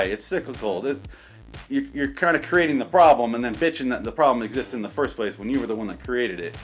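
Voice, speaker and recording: A man's voice: mid-range voice, expressive, fast talker, breathy edge. A man hosting a podcast, delivering a profane, sarcastic comedic rant that stumbles over its own restarts. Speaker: podcast host.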